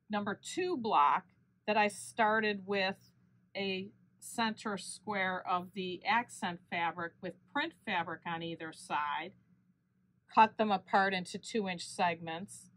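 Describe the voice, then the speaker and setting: A woman walks through a quilting tutorial at a slow, patient pace. Her voice sits at an ordinary middle pitch, and she fixes small slips as she goes. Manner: steady step-by-step explaining with small self-corrections. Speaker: quilting channel host. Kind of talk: unscripted sewing tutorial.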